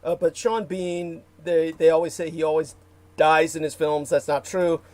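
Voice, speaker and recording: A man's voice: fairly high pitch, steady tone, normal speed, a little mellow, no room sound. A man hosting a casual livestream, rambling with many fillers and restarts and reading out viewer comments. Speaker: livestream host.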